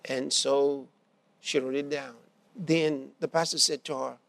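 Gravelly, high-voiced male preacher. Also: fairly even intonation, measured pace, a bit bright, dry recording. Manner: emphatic, repeats phrases, asks the congregation questions. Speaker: pastor. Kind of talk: sermon.

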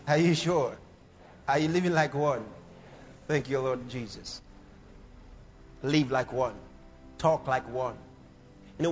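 A man preaching a fervent sermon, now and then rising to shouts and acting out the people he quotes. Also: high-pitched. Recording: reverberant hall, dull sound, music behind.

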